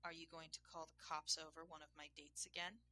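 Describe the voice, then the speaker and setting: A woman's voice: sits low, little pitch movement, fairly quick, bright, forceful tone. A woman voicing a domineering, stern man who gives commands in a growling manner in an erotic audiobook. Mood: commanding. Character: domineering adult man, stern, teasing lover.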